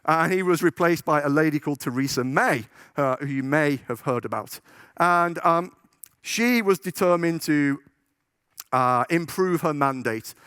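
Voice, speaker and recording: A man's voice: fairly high pitch, lively intonation, normal speed, a bit bright, smooth, dry recording. Guy doing a conference talk, jokey, keeps asking the crowd "yeah?", dry close sound. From United Kingdom. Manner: chatty, joking, checks in with the audience. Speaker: conference speaker. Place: conference hall stage.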